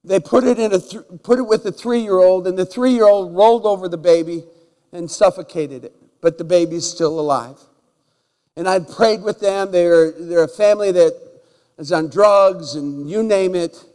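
A male pastor telling a story in a sermon, animated, swinging between loud bursts and hushed asides and often repeating words. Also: sits high, moderate pace, clear, resonant tone. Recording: long reverb of a large hall.

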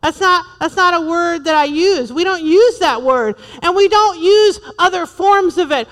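A woman's voice: very high-pitched, moderate pace, hardly any pauses, big-room sound. A woman in her forties preaching a sermon to a church, humorous and emphatic, repeating her points. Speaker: pastor's wife preaching.

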